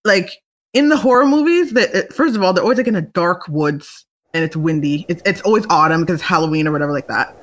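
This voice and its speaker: A woman's voice: on the low side, quick pace. A young woman hosting a solo talk show, chatting casually and rambling with frequent restarts and laughter. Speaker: solo podcast host. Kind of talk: casual chat.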